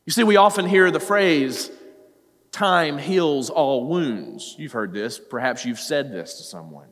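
A man's voice: fairly high pitch, lively intonation, measured pace, a bit bright. A man preaching a sermon as a pastor, earnest and talking straight to his listeners, rising at times to pleading cries. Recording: long hall reverb.

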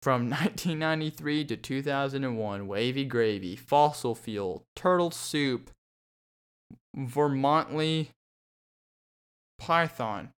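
A man's voice: mid-range voice, animated, slow, clear, resonant tone. A young man hosting a solo podcast, rambling and joking with lots of fillers and restarts. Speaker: podcast host.

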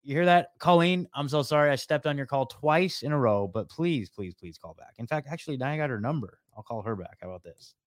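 A chatty male host running a call-in podcast, rambling easily and tossing in "dude" and "man." He sits at a mid-pitched, ordinary voice in a dry, close room with no echo. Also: expressive, fairly quick, hardly any pauses. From US West Coast. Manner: chatty, repeats words, calls people man and dude. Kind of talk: casual call-in chat.

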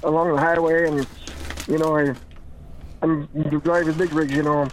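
A man's voice: a little high, little pitch movement, moderate pace, slight background noise. A man chatting in a rambling, giggly way, often restarting his sentences and laughing. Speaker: podcast regular. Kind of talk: rambling casual chat. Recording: tinny phone-like sound.

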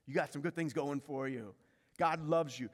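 A man's voice: a little high, normal speed. A man preaching a sermon as pastor, emphatic, repeating key phrases and asking the congregation rhetorical questions. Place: church sanctuary. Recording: long reverb of a large hall.

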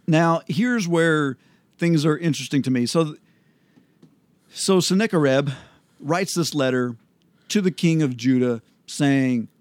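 A man hosting a casual Bible study chat, explaining scripture in a relaxed way with frequent ums and restarts. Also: medium pitch, no room sound.

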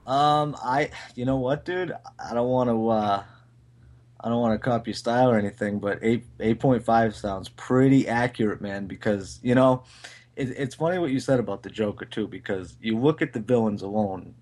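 Male podcast co-host, mid-pitched, relaxed, profane buddy talk. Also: normal speed. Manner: laid-back, swears, says "dude" a lot. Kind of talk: casual movie review chat.

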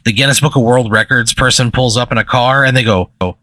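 A man improvising a comic story in the second person, building it up with deadpan escalation. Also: mid-range voice, fast talker, dry recording.

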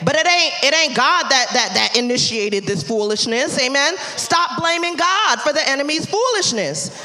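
A woman pastor preaching a sermon, telling a story and building to loud calls toward the end. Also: high voice, animated, moderate pace. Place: church sanctuary. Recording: live church hall with long reverb.

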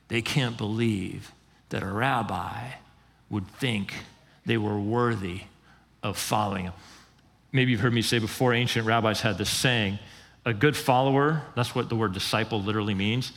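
A man giving a conversational sermon as pastor, animated and acting out quoted voices. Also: normal speed, creaky. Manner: animated, conversational, acts out quotes with pitch jumps. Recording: long hall reverb.

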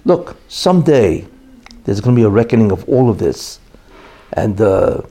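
A man's voice: lowish voice, big pitch swings, normal speed, dark tone, husky. A man giving an opinionated monologue as a commentator, emphatic and full of rhetorical questions and repeated "you know".

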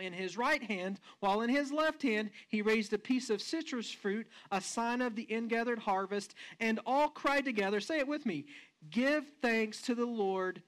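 A man preaching a sermon as a pastor, retelling a scene with rhetorical questions to his congregation and often slowing down or speeding up for emphasis. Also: extremely high pitch, a bit bright.

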